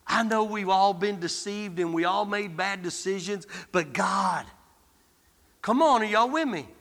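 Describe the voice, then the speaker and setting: Male guest preacher, bright ringing tone, rallies the congregation, long church reverb. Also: high voice, unhurried. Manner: exhorting, calls out to the congregation. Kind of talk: sermon. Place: church sanctuary.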